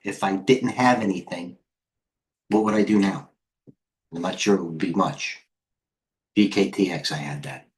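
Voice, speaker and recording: Excitable middle-aged man commenting on charts. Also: low-pitched. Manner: fast, excitable, talks to chat viewers while scanning charts. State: out of breath. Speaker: host and head trader. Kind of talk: live trading stream commentary.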